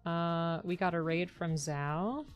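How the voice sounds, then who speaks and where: Casual woman streamer, lower voice, chatty and upbeat, faint music under her. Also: takes it slowly, lo-fi sound. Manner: chatty, upbeat, thanks viewers warmly by turns. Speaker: live-streamer building model kits. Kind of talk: casual live-stream chat.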